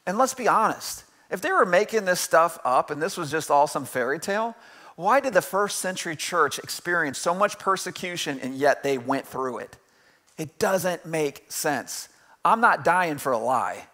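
A man's voice: fairly high pitch, expressive, normal speed, pushed and bright. A man in his forties preaching a conversational sermon to his church, often tossing in "right?" and laughing along as he talks. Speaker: pastor. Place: church sanctuary.

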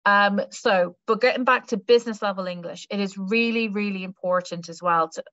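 A woman's voice: mid-range voice, fairly quick, a bit bright, dry recording, muffled recording. A woman careers adviser giving a university careers webinar talk, chatty and reassuring, with many fillers.

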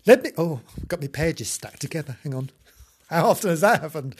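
Man, comic children's book reading, cheeky asides, husky, very animated pitch. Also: a little fast. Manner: mock-sweet, cheeky asides, giggly. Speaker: comic storyteller.

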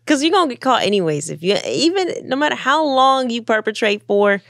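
A woman hosting a cooking show, chatting playfully with her guest in a kitchen and firing off animated questions. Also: on the high side, fairly quick, vocal fry, no echo, clean studio sound. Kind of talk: casual interview chat.

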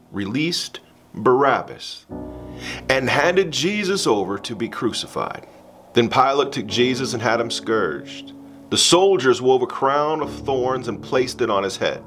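A man of average pitch reads scripture aloud as a pastor, slow and measured, with a solemn weight on each phrase. Soft instrumental music plays faintly behind him. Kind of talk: scripture reading.

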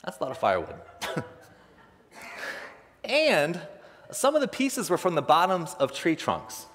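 A young man preaching a sermon, telling a personal story in an animated way and acting out the other people's voices, laughing often. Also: fairly high pitch, a little slow. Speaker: pastor. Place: church sanctuary. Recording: long reverb of a church hall.

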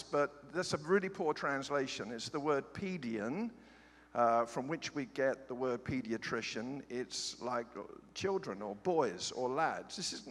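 A man's voice: a little high, fairly bright tone, slightly rough. Chatty man preaching in a reverberant church. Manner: humorous, chatty asides. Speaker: guest preacher. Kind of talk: sermon with scripture reading. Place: large church sanctuary. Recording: long hall reverb.

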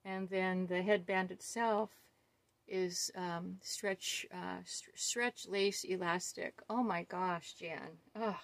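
Middle-aged woman, unhurried unboxing vlogger, breathless gushing delight. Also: on the low side, steady tone, no echo. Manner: gushing, awestruck, full of fillers. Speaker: doll collector vlogger. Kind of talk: casual unboxing chat.

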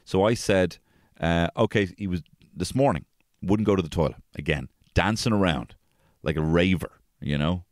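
A man hosting a podcast, telling casual stories about his family, swearing freely and jumping into high-pitched voices when quoting people. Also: normal speed, hardly any pauses, no echo, clean studio sound. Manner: swears freely, animated, acts out quotes in a high voice. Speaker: podcast host. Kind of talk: casual storytelling chat.

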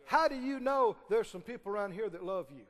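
Male preacher, high and swooping voice, sermon with call-and-response, long church reverb. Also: animated, a little fast, a bit bright. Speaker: pastor. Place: church sanctuary.

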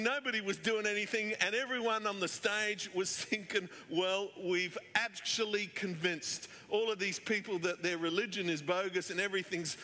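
Bright high-voiced pastor. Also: male voice. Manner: chatty storyteller, many fillers. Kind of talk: sermon with anecdotes. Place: church hall. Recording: echoey church hall.

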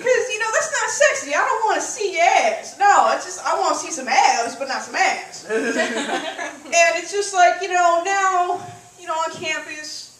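A woman's voice: very high-pitched, lively intonation, moderate pace, a bit bright. A young woman performing a brash, profane stand-up comedy routine. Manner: brash, profane, punchy delivery. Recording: echoey room, far from the mic.

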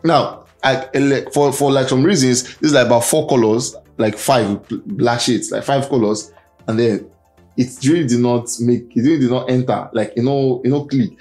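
A man's voice: mid-range voice, steady tone, normal speed, a little mellow, soft background music. Man hosting chatty celebrity news. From Nigeria. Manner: chatty, reads out fan comments, frequent fillers. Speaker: entertainment news host. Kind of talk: casual entertainment news roundup.

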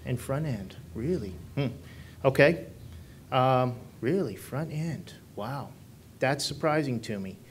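A man's voice: medium pitch, lively intonation, slow pace, a little hiss or hum. A man presenting at a business conference, speaking to the audience and asking them questions. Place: conference room.

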